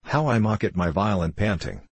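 A man reading the part of a troubled, despairing young man in plain, measured archaic speech. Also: on the low side, expressive, husky, dry recording. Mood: anguished.

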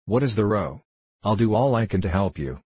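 A man's voice: on the low side, expressive, a little fast, darkish tone, husky, dry recording. A man voicing a brash, pushy young man who coaxes his friend in slangy talk in a storybook reading. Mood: coaxing. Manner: coaxing, slangy.

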